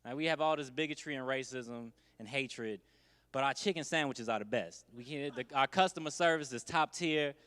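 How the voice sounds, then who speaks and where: A man's voice: mid-range voice, moderate pace, a bit bright, smooth, long reverb tail. A man doing a stand-up comedy set, laid-back and conversational with wry asides.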